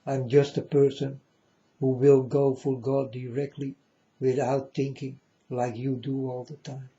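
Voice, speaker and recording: Man, insistent repetitive preacher, deep dark timbre, muffled home audio. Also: level tone, measured pace. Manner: repetitive, insistent, addresses listeners as folks. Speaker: self-styled religious speaker. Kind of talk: preaching monologue to viewers. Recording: dull lo-fi recording.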